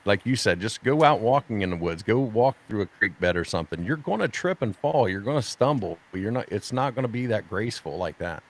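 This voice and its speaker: A man's voice: fairly low pitch, expressive, a little fast, hardly any pauses, poor audio. A man hosting a casual chat, agreeing with his guest and adding joking asides.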